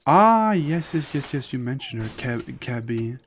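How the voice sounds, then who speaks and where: A man's voice: medium pitch, sing-song, measured pace, slight background noise. Rambling man chatting on a live stream. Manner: rambling, loose, with constant "like" fillers; opinionated and candid. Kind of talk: casual live-stream chat while gaming.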